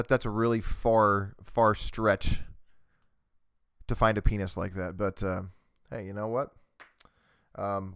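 Profane, smooth-voiced man ranting. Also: on the low side, dry recording, studio quality. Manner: profane, mocking, with mimicked voices. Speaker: podcast host. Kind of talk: crude comedic rant. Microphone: desk USB microphone.

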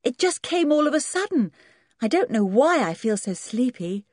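A woman's voice: high-pitched, big pitch swings, moderate pace, no room sound, studio quality, pitched above the performer's own voice. A woman doing a sleepy, polite young girl. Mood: apologetic. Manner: apologetic, soft.

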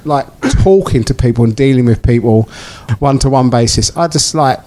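A man's voice: mid-range voice, normal speed, mellow. A man co-hosting a podcast in casual chat, rambling with many fillers and restarts. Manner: rambling, lots of likes and restarts. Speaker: podcast co-host.

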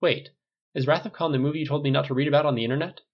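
A man voicing a polite, earnest young soldier captain who speaks softly and courteously, on a dull lo-fi recording. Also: on the high side, steady tone, racing, pitched above the performer's own voice. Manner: courteous, soft-spoken.

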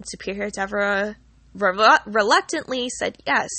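A woman's voice: medium pitch, brisk, pushed and bright. A young woman casually telling a personal story in a rambling way, full of restarts and fillers.

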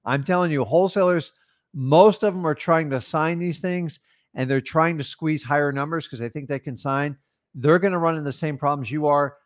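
A blunt, confident man with a slightly high voice talks through how to negotiate with sellers. His voice is close and dry, with no room sound. He speaks like a coach who has done plenty of deals. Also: moderate pace, no echo. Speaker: real estate wholesaling coach. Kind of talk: casual coaching talk.

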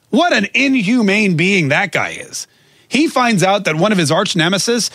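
A man hosting an opinion talk show, sarcastic and animated, acting out the quotes he comments on. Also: high-pitched, dry recording, studio quality.

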